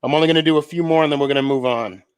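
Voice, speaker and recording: A man's voice: a little high, rapid-fire, clean tone. A man hosting a live sports podcast stream, talking casually and rambling with lots of fillers and restarts.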